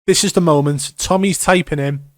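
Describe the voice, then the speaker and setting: A man's voice: on the high side, fairly quick, no echo, clean studio sound. A man giving an emphatic, step-by-step commentary on gameplay footage. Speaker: gaming commentator. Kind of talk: video breakdown commentary.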